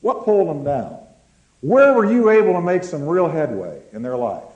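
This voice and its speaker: A man preaching a sermon, calling on the congregation to answer and slowing down to stress words. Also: on the high side, very animated, a little mellow, roomy sound, highs cut off. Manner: preaching with call-and-response, slowing words for emphasis. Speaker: pastor.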